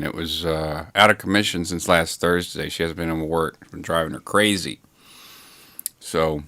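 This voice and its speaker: A man casually chatting with viewers on a livestream from his home studio, rambling and laid-back, swearing now and then as he reads the chat aloud. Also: low-pitched. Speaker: livestream host.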